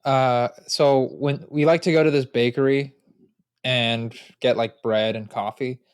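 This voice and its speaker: Animated storytelling young man, dry sound. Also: medium pitch, measured pace, clean tone, no echo. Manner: animated storyteller, swears freely and laughs often. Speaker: podcast co-host. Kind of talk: casual chat.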